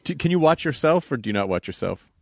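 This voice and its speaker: A man's voice: mid-range voice, sing-song, fast talker, vocal fry, a little mellow, no room sound, clean studio sound. A man interviewing a guest in a casual chat, prompting them with short, curious questions.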